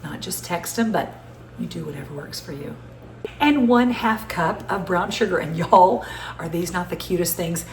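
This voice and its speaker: A woman's voice: lowish voice, moderate pace, a little hiss or hum. A woman in her sixties from the Southern United States, with a Southern American accent, hosting a cooking show from her home kitchen in a chatty, gushing way and laughing often. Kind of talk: casual home cooking chat. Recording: echoey kitchen with faint ambience.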